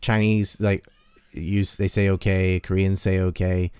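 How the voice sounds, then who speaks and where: Blunt, deep-voiced man in dry chat. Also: unhurried, smooth, dry recording. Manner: blunt, profane, animated storytelling. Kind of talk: casual opinionated chat.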